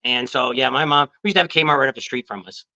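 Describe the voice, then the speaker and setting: Older male co-host in his 60s, rapid bright delivery, lively storyteller, dull lo-fi livestream audio. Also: medium pitch. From California. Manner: lively storyteller, acts out other people's lines. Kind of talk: casual livestream chat.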